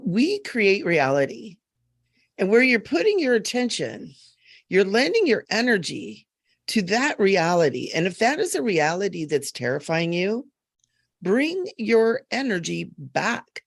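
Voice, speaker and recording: A woman psychic medium in an earnest, emphatic live-stream chat, full of quick asides, on a webcam mic. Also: fairly low pitch, no echo, studio quality.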